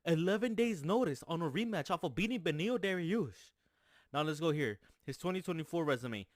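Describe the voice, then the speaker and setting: A man's voice: on the high side, lively intonation, brisk, no room sound, clean studio sound. A young man ranting hotly about fights, repeating his points and calling everyone "bro". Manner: fired up, repetitive, says "bro" constantly; gets louder for emphasis, repeats points. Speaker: MMA commentator. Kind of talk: heated rant vlog.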